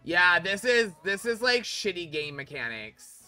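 A woman's voice: lowish voice, big pitch swings, measured pace, bright, forceful tone, faint music behind. A woman streaming a game, talking in a frustrated, swearing, exasperated way. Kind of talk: live game stream commentary.

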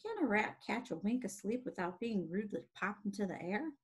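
A woman's voice: medium pitch, big pitch swings, fairly quick, breathy edge. A woman voicing a grumpy, selfish male rat who grumbles in disgust, reading aloud from a storybook.

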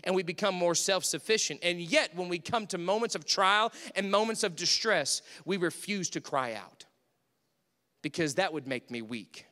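A man's voice: sits high, animated, moderate pace, sharp tone. A man preaching an impassioned sermon in a church sanctuary, repeating phrases for emphasis. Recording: long hall reverb.

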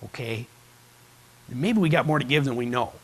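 In a church sanctuary, a pastor with a mid-range voice preaches a sermon in a loose, conversational storytelling style, acting out the voices of the people in his stories. He sounds animated and speaks at normal speed.

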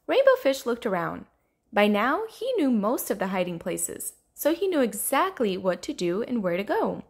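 A woman reading a children's storybook aloud in an expressive, storybook way. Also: mid-range voice, moderate pace, creaky, slightly rough. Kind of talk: children's read-aloud narration.

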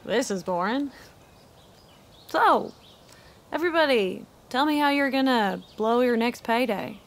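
A sarcastic young drifter. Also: female voice, on the high side, animated, measured pace. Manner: teasing, sarcastic. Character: teasing young woman drifter, cheeky and sarcastic. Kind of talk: video game voice acting.

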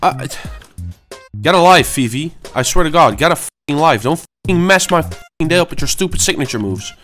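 Man, twenties, gaming commentary, angry swearing, bright tone, faint music. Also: a little high, lively intonation, fast talker. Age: 20s. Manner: angry, swearing, frustrated muttering. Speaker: gaming channel host. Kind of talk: raging gameplay commentary. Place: at home.

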